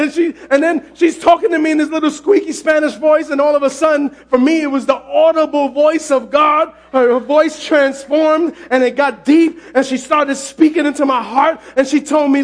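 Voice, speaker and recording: A male pastor preaching a sermon, often shouting, telling his story with lively exclamations. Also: very high voice, moderate pace, few pauses. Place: church sanctuary.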